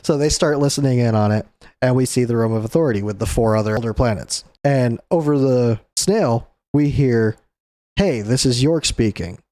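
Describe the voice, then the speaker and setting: A young man hosts a casual comic chapter recap in a loose, easygoing way, chuckling as he goes. His voice sits in an ordinary middle pitch. The sound is close and dry. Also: brisk, warm tone, no room sound. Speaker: host.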